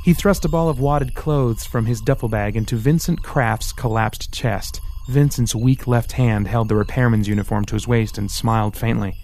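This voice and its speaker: A man narrating an audiobook in steady scripted storytelling. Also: mid-range voice, normal speed.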